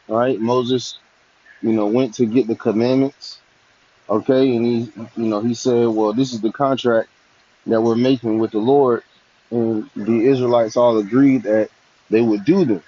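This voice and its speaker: A man hosting religious commentary, talking haltingly and leaning on fillers. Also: medium pitch, darkish tone, a little hiss or hum. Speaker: host. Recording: dull lo-fi audio.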